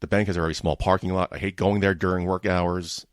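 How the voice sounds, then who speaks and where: A man's voice: low-pitched, little pitch movement, fast, clear, resonant tone, dry recording, clean studio sound. A man hosting his own podcast, telling a frustrated, profane story about his bad week in a casual monologue. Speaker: podcast host.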